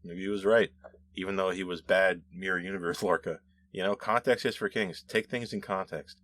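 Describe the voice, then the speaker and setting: A man's voice: deep voice, steady tone, moderate pace, a bit bright, a little hiss or hum. A man hosting a show, casually reading and answering viewer comments in a rambling, self-correcting way with frequent laughs.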